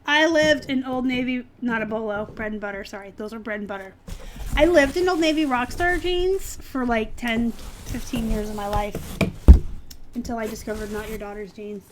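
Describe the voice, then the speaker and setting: A woman with a bright, high voice chats casually through a live stream, sprinkling her talk with ums and likes and getting excited. A faint layer of background noise sits under the recording. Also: normal speed. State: dry throat, clearing it. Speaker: reseller streaming an unboxing.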